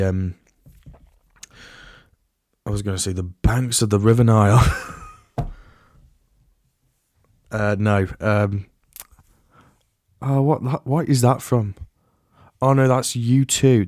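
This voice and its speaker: A man's voice: fairly low pitch, a little mellow, no echo, studio quality. A man hosting a solo podcast in a casual, rambling way, often restarting and trailing off into asides. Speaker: podcast host.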